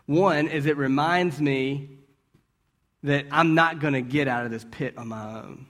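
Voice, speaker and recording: Male preacher, conversational sermon, slightly high voice, rhetorical questions and asides. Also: unhurried, a bit bright. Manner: asks rhetorical questions and checks in with "right?"; storytelling with brief restarts.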